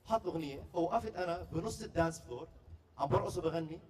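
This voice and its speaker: A man performing stand-up comedy at a staff party, telling stories with quick, playful delivery and deadpan punchlines. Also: a little high, far from the mic, slight background noise. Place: party venue before a live audience.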